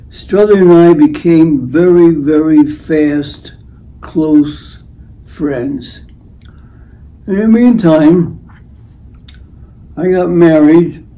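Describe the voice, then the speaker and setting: An older man hosting a rambling storytelling monologue, unhurried and acting out the voices in his stories. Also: a little high, mellow, rough recording. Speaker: host telling life stories.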